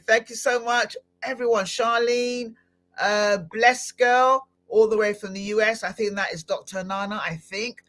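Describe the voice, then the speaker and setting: A woman hosting a live-streamed podcast interview, talking in an animated, exclamatory way with frequent laughter. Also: medium pitch. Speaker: podcast host.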